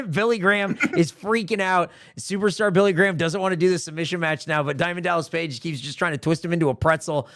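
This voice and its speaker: Young male co-host, quick-reacting comic sidekick, slightly high pitch, dry. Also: fairly even intonation, fairly bright tone, no room sound. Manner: quick reactions and jokey asides. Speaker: podcast co-host. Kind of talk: casual comedic chat.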